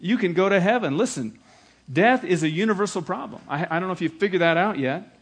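A middle-aged man delivers an evangelistic sermon from the pulpit. His voice sits somewhat high for a man, and he speaks earnestly, swelling into emphatic appeals and then settling into personal stories. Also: animated, a little fast, slightly rough. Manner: earnest, rising to emphatic appeals, storytelling asides. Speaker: pastor.

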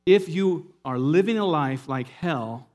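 A man preaching a sermon in a lively, conversational way, with asides and jokes to the congregation. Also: fairly high pitch, unhurried. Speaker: pastor.

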